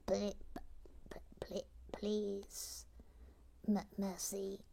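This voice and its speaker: Brief: a woman playing a slow, gravelly little sidekick with halting, monotone replies and a dark tone. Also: medium pitch, a little hiss or hum, pitched above the performer's own voice. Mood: deadpan.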